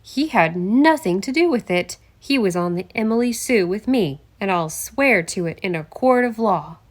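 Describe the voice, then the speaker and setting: A woman reading an audiobook and voicing a middle-aged male congressman who is charming but quick to anger. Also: on the low side, lightly acted. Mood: furious. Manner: charming, then defensive. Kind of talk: audiobook character voice.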